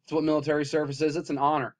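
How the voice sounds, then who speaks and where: A man recording an impassioned vlog rant, swinging between loud, heated outbursts and low, weary muttering. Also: little pitch movement, rapid-fire. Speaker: vlogger.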